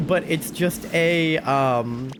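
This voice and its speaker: Speaking very slowly in a medium-pitched voice over a very noisy recording, a young adult Twitch streamer chats casually with viewers. They're sick and sound unlike their usual selves, giggling and rambling with many fillers.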